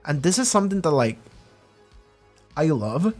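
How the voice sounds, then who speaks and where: A man's voice: on the high side, sing-song, moderate pace, a little mellow, faint music behind. Rambling man giving a casual reaction review. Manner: rambling, many restarts and "like"; acts out quoted characters. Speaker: reaction channel host.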